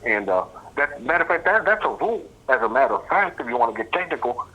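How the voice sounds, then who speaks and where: A middle-aged man tells a story bluntly and casually. His voice is bright and forceful. He swears often and keeps checking in with "you know what I mean.". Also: mid-range voice, sing-song, fast, slightly rough, lo-fi sound. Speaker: host.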